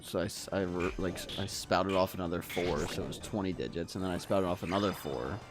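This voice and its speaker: A man's voice: sits low, fairly quick. A man streaming a game, chatting loosely with viewers, swearing freely and telling rambling stories. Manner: chats with viewers between fights. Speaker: livestreaming gamer. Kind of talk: casual live-stream chat. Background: game music.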